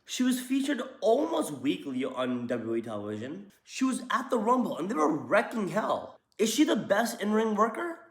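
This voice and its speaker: Host, young man, high lively voice, jokey slangy wrestling takes, roomy echo. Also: moderate pace, hardly any pauses. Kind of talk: casual opinion commentary.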